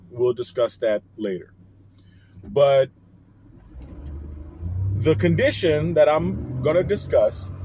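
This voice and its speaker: Man with a New Orleans accent, unhurried delivery, rambling and conspiratorial, vlog to camera. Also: a little high, darkish tone, a little hiss or hum. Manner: slow, rambling, hedging, conspiratorial. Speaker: vlogger. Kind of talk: parody of a conspiracy-theory health vlog.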